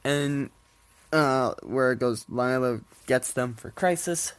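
Slow and clean in tone, his medium-pitched voice still comes out nasal and congested because of a stuffy nose. The podcast host rambles on a relaxed solo episode from home with his cats, often laughing and swearing offhandedly.

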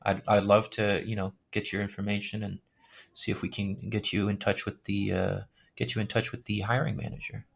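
A man appearing as a podcast guest who talks in a hesitant, halting way, filling pauses with ums. His voice sits fairly low. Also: flat delivery, vocal fry. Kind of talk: casual interview.

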